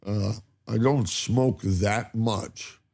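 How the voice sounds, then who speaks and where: A man's voice: on the low side, steady tone, extremely slow, vocal fry, darkish tone. An older man, a guest in a casual chat, telling stories animatedly and laughing often. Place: cannabis company campus studio.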